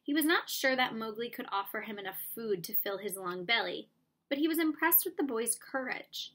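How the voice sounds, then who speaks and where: A woman reading a children's storybook aloud with lively, expressive narration. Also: on the high side, moderate pace. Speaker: audiobook reader.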